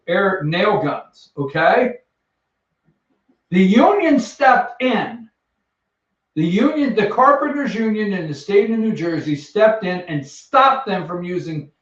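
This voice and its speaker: A man hosting a sarcastic, jokey countdown of news headlines from an office. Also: high-pitched. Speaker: host. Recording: echoey, distant, dull sound.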